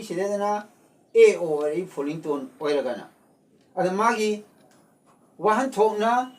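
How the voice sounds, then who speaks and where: A man teaching a language lesson, slowly repeating words and explaining their tones. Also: sits high, darkish tone, recorded from a distance, poor audio. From Manipur, India.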